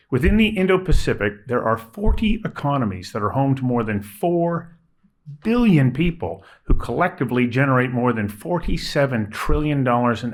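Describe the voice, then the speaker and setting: A man hosting a public affairs dialogue show, delivering a scripted introduction in a measured, emphatic way with deliberate stresses on key words. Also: medium pitch. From Canada. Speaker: host.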